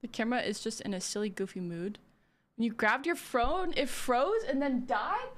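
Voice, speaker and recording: A woman's voice: a little high, lively intonation, normal speed, soft background music. A young woman streamer chatting casually with her viewers, giggly and full of "like" fillers. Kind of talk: casual live-stream chat.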